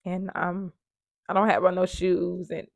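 A woman's voice: on the low side, level tone, a little slow, gravelly, no echo. A woman earnestly telling her own story of surviving domestic violence, with emphatic repetition. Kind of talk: emotional personal storytelling.

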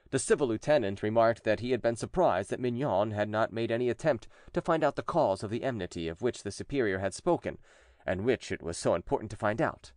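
A man narrating a classic text as an audiobook, telling the story in a lively, expressive way. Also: on the low side, no echo, clean studio sound.

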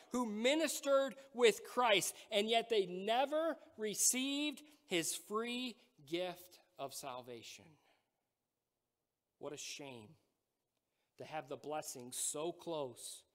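A man with a notably high voice delivers a sermon from the pulpit. He hammers home his points by repeating phrases. The sound carries a long reverberation through the church sanctuary. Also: fairly bright tone. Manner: emphatic preaching with repeated phrases. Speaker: pastor.

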